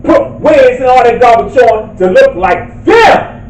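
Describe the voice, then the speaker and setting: A man preaching a sermon, reading scripture and building to impassioned shouts. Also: very high voice, lively intonation, a little slow, echoey room, distant mic, poor audio. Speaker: street preacher.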